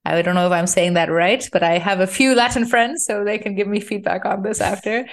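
A woman co-hosting a podcast, chatting in a playful, easygoing way and quick to laugh. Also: mid-range voice. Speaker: podcast co-host. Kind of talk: casual podcast chat.

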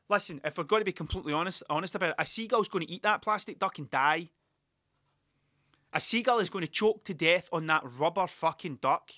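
Man, Glaswegian accent, casual rambling monologue, heavy swearing, bright tone, dry close sound. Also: high voice, no room sound. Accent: Scottish, Glaswegian. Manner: rambling, sweary, wry storytelling. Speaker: podcast host.

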